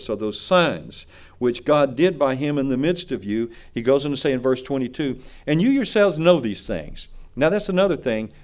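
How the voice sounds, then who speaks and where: A man's voice: mid-range voice, darkish tone. A man preaching a sermon in a blunt, emphatic way, repeating key phrases for weight.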